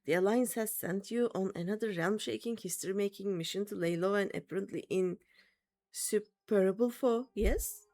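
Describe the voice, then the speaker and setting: A woman's voice: mid-range voice, moderate pace, darkish tone, no echo, close to an everyday voice. A woman reading a breezy engineer. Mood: teasing.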